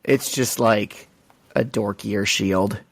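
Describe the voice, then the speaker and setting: A man's voice: lowish voice, slow pace, gravelly, no room sound. A man co-hosting a podcast who makes dry, sardonic remarks in casual banter. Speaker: podcast co-host.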